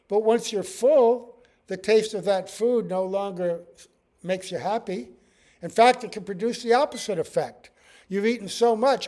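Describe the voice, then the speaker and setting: A man's voice: sits high, darkish tone. A man teaching a scripture class, telling stories with acted-out quotes and often asking "right?". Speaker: spiritual teacher.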